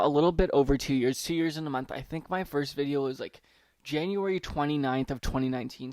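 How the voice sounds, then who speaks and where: A man's voice: a little high, no echo. Nervous rambling young man, dry sound. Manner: nervous, rambling, swears casually, reads from notes. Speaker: podcast host. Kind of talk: casual solo podcast intro.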